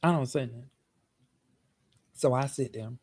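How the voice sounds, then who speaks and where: A man, host of his own show, telling a personal story in a casual, animated way, often repeating himself. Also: medium pitch, moderate pace. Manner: animated, repetitive, chatty.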